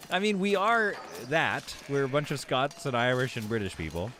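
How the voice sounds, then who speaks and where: A man's voice: mid-range voice, very animated, normal speed, bright, forceful tone, a little hiss or hum. A man giving casual live commentary while he plays a city-building game, rambling and correcting himself as he thinks aloud.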